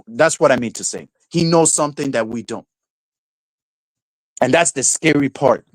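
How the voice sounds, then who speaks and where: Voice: medium pitch, no echo, low-quality recording. A streamer host in a casual livestream rant, swearing freely, laughing often and mocking people with silly voices.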